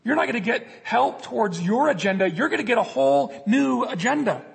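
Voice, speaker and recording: A man's voice: very high-pitched, lively intonation, fairly quick, creaky, slightly rough, big-room sound. A man preaching a sermon as a pastor, earnest, acting out prayers and God's replies in the quotes.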